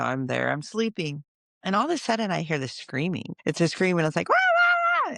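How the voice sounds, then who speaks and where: A woman with a low, gravelly voice hosts a solo podcast and tells stories with animated energy. Her recording is dry and close, with no room sound at all. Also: no echo. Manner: animated, acts out quoted voices. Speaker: podcast host.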